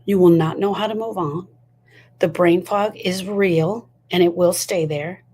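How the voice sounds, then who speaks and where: A woman's voice: on the low side, a little slow, dark tone. A woman giving a motivational talk on grief, emphatic and full of repeated rhetorical questions. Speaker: grief educator.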